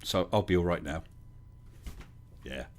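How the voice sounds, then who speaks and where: Chatty livestream host, low voice. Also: male voice, unhurried. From England. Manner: chatty storyteller, reads chat aloud. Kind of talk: casual chat, reading viewer comments.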